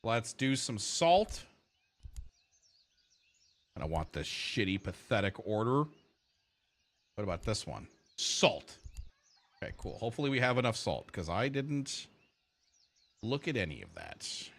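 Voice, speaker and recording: Here a man with a lowish voice talks to his stream viewers as he plays, taking his time and pausing often. He's animated, wanders from topic to topic, and curses freely.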